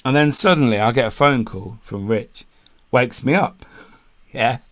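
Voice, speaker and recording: A man's voice: medium pitch, a little slow. Bloke on a podcast, swears a lot, does everyone's lines, laughs as he goes. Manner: swears freely, acts out quotes, laughs mid-story. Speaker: podcast co-host. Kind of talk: casual storytelling chat.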